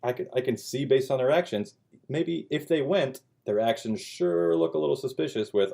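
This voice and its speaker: A man's voice: medium pitch, moderate pace, creaky, dark tone. A man hosting a podcast, chatting casually and telling a rambling story with acted-out bits of dialogue. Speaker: podcast host. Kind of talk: casual chat.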